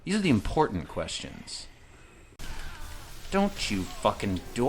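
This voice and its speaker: A man's voice: mid-range voice, huge pitch swings, slow, fairly bright tone, slight background noise. A man in his thirties giving profane, joking commentary while playing a video game. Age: 30s. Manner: profane, jokey, rambling asides. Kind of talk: comedic let's-play commentary.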